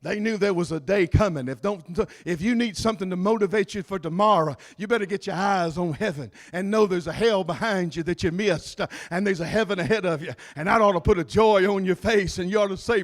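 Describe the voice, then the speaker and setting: A man pastor preaching a fiery sermon, shouting out lines and dropping to a hush. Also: sits high, a little fast, few pauses. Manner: shouting, swinging from loud to hushed.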